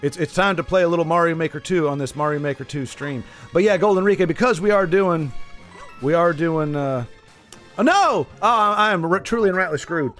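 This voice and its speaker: A Texas gamer talks casually with his live-stream audience while playing, wandering off topic, revising what he says, and cracking asides. He sounds animated and fairly quick, with a fairly high, bright voice over soft background music.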